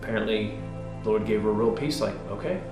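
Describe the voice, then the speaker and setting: A man, a pastor, telling his life story in a casual interview, animated and swinging between loud bursts and hushed, quiet moments. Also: lowish voice, fast, echoey room, music in the background.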